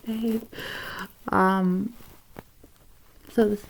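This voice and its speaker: Woman drawing tutor, slow and rambling, gravelly voice, casual talk. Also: medium pitch, flat delivery, a little hiss or hum. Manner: rambling, with fillers and soft asides.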